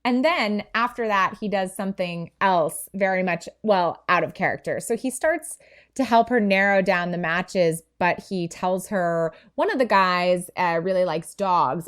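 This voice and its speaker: A woman's voice: mid-range voice, fairly bright tone, clear, resonant tone. A woman co-hosting a podcast, talking through a book in a thoughtful, enthusiastic way with small restarts. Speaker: podcast co-host. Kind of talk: casual book chat.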